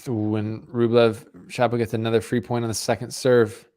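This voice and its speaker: This stream host has a mid-range, darkish voice, delivered flatly at a moderate pace. He commentates a tennis match live in a relaxed, rambling way while interacting with viewers.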